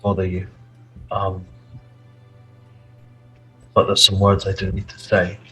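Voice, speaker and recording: A man voicing a remorseful young man who speaks in a halting, earnest way during a tabletop game. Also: sits low, completely flat delivery, fairly bright tone, soft background music, poor audio. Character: remorseful young man owning his mistake. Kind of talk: in-character tabletop role-play.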